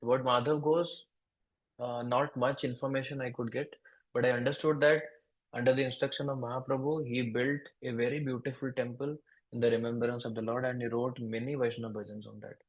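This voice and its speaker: A man's voice: mid-range voice, little pitch movement, poor audio. A man with an Indian English accent preaching. He tells a devotional story at an easy pace and speaks the characters' lines in small voices. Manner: unhurried storytelling, plays the dialogue in small voices, repeats words.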